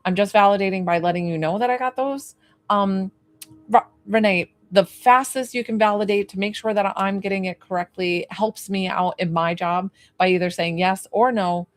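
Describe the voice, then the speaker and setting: A woman working as a psychic medium, giving a live reading to a client. She talks in a rambling, tentative way, full of "like" and questions, and turns gently reassuring when she passes on comfort. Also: medium pitch, normal speed, no echo.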